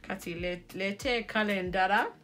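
A woman's voice: mid-range voice, unhurried, a bit bright, faint music behind. Giggly young woman doing a makeup tutorial. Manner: giggly, self-mocking, switches between English and Luganda. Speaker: beauty vlogger.

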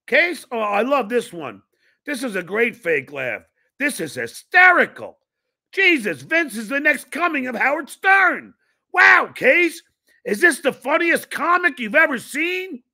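A man hosting a podcast, mocking a clip he is playing with sarcastic, jeering remarks and loud outbursts. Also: very high-pitched, sing-song, measured pace, vocal fry. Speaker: podcast host. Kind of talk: mocking live commentary over a clip.

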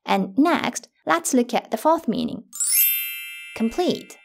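A woman teaching a Mandarin lesson in clear, careful scripted narration, slowing down on the example words. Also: fairly high pitch, big pitch swings, a little mellow, a little hiss or hum.

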